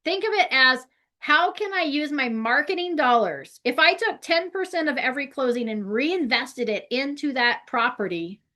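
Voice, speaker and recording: A woman's voice: high-pitched, bright, forceful tone. A woman giving a casual real estate training talk, chatty and conversational, often checking in with "right?". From California.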